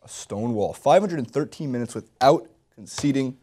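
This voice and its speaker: A man's voice: mid-range voice, lively intonation, moderate pace, mellow, a little hiss or hum. Offhand man co-hosting sports chat. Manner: offhand, joking opinions with hesitant restarts. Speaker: sports show co-host.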